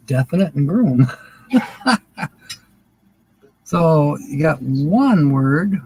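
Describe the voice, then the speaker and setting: An older man hosts a livestream word game, chatting casually and chuckling often while reading out viewers' names. His fairly high voice swings widely in pitch, slow and with long pauses, dark and slightly rough in tone. The recording is rough.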